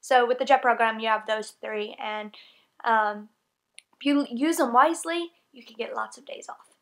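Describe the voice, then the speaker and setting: A woman's voice: on the high side, normal speed. A young woman from North Carolina with a light Southern US accent, chatting casually and rambling a little about her work as an English teacher. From North Carolina, USA. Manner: chatty and rambling, many fillers and self-corrections. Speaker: English teacher on exchange program. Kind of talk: casual vlog talk.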